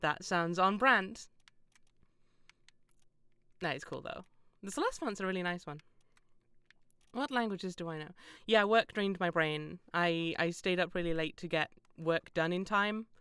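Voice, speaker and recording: Speaking unhurriedly with long pauses, a young British woman laughs her way through casual gameplay stream chat, rambling and self-deprecating. Her voice sits on the low side and is a bit bright, with a clean tone and no room sound.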